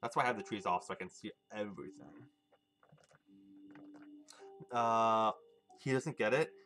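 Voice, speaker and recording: A man's voice: lowish voice, unhurried, sharp tone, soft background music. A young man streaming a video game, rambling loosely and chuckling as he chats with his viewers. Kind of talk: casual live gameplay commentary.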